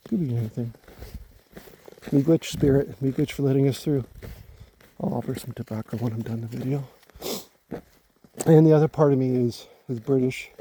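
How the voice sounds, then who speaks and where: A man from Canada talking casually to his phone in the woods at night, halting and musing as he repeats words while gathering his thoughts. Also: mid-range voice, dark tone, a little hiss or hum. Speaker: vlogger. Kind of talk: casual rambling talk to camera. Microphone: handheld phone.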